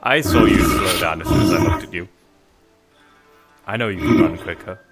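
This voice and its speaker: A man's voice: low-pitched, lively intonation, moderate pace, loud music behind the voice. A man with a Northern English accent, chatting and swearing in a group roleplay. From north of England. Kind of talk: casual chat in roleplay.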